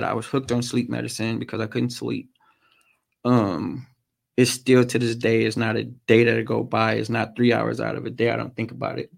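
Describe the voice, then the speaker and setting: A man with a gravelly, rough-edged voice speaks at a middle pitch. He tells a personal story as a podcast guest. He stops often and fills the gaps with "um". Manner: halting, frequent "um" pauses. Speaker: podcast guest, motorcycle racer.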